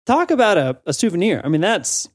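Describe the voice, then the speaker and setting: A man co-hosting a podcast, teasing and quick-witted. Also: high-pitched, sing-song. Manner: teasing, quick, laughs often. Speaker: podcast co-host. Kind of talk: casual conversation.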